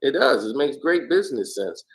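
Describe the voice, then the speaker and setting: A man being interviewed, telling stories in a casual, animated way. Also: medium pitch, moderate pace, low-quality recording. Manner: animated, lively storyteller. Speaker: interview guest. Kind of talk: casual storytelling.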